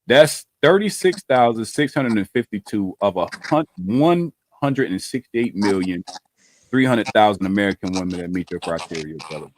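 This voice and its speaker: A man's voice: fairly low pitch, expressive, moderate pace, no echo. Playful man hosting a dating quiz. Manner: playful, loose slang, teasing. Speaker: podcast host running a dating quiz. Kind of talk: casual group chat on a video call.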